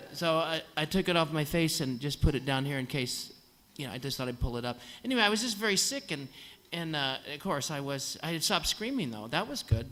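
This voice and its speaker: Bright-voiced man telling a comic story on stage. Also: on the high side, slight background noise. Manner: dry humorous storyteller, acts out voices of nurses and doctors. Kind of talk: comic storytelling at a live concert. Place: concert hall on stage.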